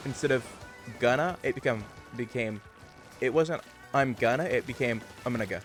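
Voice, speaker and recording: Man, casual livestream chat, rambling and talkative, mid-pitched voice, faint music behind. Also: normal speed, long pauses. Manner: chatty, digressive, muses about pronunciation. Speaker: livestream gamer. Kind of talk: casual chat to stream viewers.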